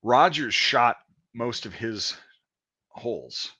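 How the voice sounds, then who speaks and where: A man's voice: mid-range voice, lively intonation, takes it slowly, pushed and bright, husky. Profane veteran man telling army stories. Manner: swears a lot, mimics screams when retelling. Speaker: podcast host. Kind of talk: casual profane chat. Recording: dull lo-fi sound.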